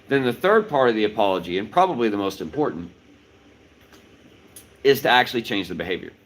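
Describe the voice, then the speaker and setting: A man's voice: on the low side, animated, a little fast, a bit bright, rough recording. A middle-aged man, a martial arts instructor, explaining step by step in a livestreamed talk and checking in with "right?" as he goes. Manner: explanatory, repeats key points with "right?".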